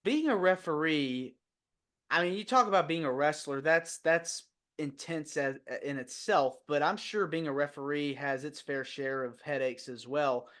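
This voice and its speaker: A man hosting a podcast, asking a guest a measured, conversational question. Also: a little high, fairly bright tone. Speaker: podcast host, interviewer. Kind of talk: interview question.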